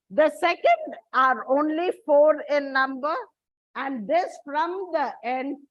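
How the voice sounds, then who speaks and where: A woman teacher with an Indian English accent gives an exam coaching lecture in a high voice. She talks slowly and patiently, addressing her students as children. The recording is dry and a little dull. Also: no room sound.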